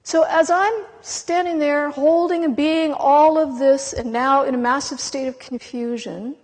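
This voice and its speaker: Woman, high voice, giving an impassioned spiritual talk; emotional and dramatic with long pauses; lecture-hall reverb. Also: steady tone, a little mellow. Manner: intense, dramatic, with long pauses between words. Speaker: spiritual speaker.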